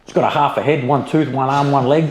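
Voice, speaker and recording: In a casual interview, a middle-aged Australian business founder tells stories bluntly and with lots of animation, swearing freely and dropping "mate" and "you know" everywhere. His voice is medium-pitched and fast, with a roomy sound.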